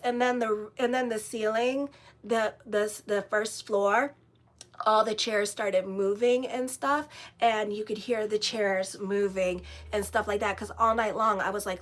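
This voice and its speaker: A woman astrologer telling a story in a casual, animated way, blunt and swearing freely as she rambles. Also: mid-range voice, moderate pace. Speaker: astrologer and tarot reader.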